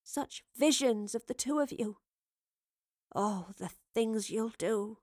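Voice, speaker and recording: A woman's voice: sits high, a little slow, fairly bright tone, no echo, clean studio sound, voice pushed up. A woman doing a weary, trembling mother. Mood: hushed. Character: weary self-sacrificing mother, grief-stricken.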